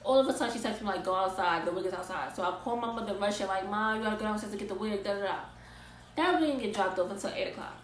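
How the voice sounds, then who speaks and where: A young woman telling an animated, exasperated storytime vlog in casual slang. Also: mid-range voice, racing, roomy sound, poor audio. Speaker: vlogger.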